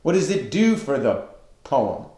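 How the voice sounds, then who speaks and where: A man teaching a recorded online lesson on poetic meter, slow and deliberate as he counts out stresses and feet. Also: mid-range voice, sing-song, mellow. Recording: echoey room.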